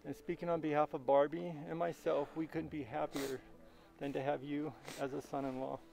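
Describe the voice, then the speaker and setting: Middle-aged dad officiating the wedding, gravelly voice, slow and solemn. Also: male voice, a little high, little pitch movement, a little mellow, soft background music, poor audio. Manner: solemn, measured. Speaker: wedding officiant and father of the bride. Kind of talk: formal wedding ceremony address.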